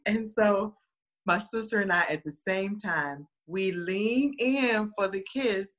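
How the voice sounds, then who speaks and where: A woman's voice: mid-range voice, slow. A woman telling funny stories in a casual chat, acting out quoted voices. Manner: lively, animated, acts out quoted voices. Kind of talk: casual storytelling.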